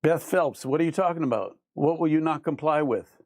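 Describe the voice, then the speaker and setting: A man's voice: a little high, a little fast, a little mellow, no room sound, clean studio sound. A man hosting a live show, reading viewer comments aloud and arguing with them in an emphatic, repetitive way. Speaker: livestream host. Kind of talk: ranting live chat reading.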